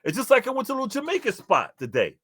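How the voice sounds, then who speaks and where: A man from New York, older, co-hosting a casual chat and telling stories loudly with sudden high jumps in his voice. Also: rapid-fire, slightly rough, no room sound, clean studio sound. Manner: loud, animated storytelling with sudden high jumps. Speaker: co-host.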